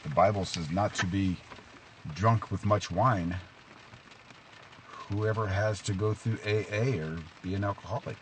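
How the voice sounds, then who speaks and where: A man's voice: measured pace, slight background noise. A man giving an informal devotional talk, asking questions and telling stories to make his point. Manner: questioning, tells stories, lively rises in pitch. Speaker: preacher. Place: outdoors in rain.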